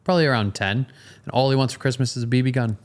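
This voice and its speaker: A man's voice: mid-range voice, very fast. A young man co-hosting a podcast in casual chat, dry and matter-of-fact. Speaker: podcast co-host.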